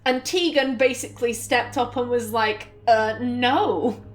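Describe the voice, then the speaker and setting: A chatty woman narrating her own video game playthrough, casual and rambling and full of fillers. Her voice sits a little high and sounds natural and conversational. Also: normal speed. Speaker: let's play host.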